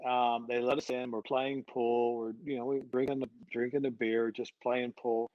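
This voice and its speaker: A middle-aged man, a head coach, telling stories on a podcast at a mid pitch. He talks casually and keeps restarting his sentences with repeated words. The audio sounds muffled and dry. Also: flat delivery, moderate pace, no room sound. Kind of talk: conversational storytelling.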